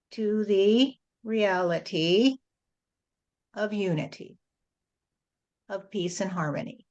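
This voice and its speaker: A woman speaking as a spiritual channel, delivering a message in a slow, repetitive, rhyming preaching cadence. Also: mid-range voice, darkish tone. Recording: dull lo-fi recording.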